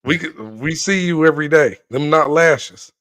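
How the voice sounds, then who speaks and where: A man's voice: on the high side, normal speed, a bit bright, no room sound. A man co-hosting a morning talk show, sounding sleepy and groggy, chatting loosely and joking with the others. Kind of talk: casual chat.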